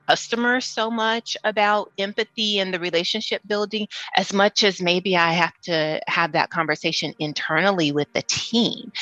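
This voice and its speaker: A woman business leader talking in a casual interview, measured and reflective, explaining her points with examples. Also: lowish voice, pushed and bright, no room sound, highs cut off.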